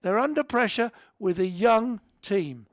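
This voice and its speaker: A man's voice: high voice, expressive, a little slow, no echo. A man giving live radio cricket commentary, enthusiastic and emphatic, often repeating himself. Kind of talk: radio sports commentary chat.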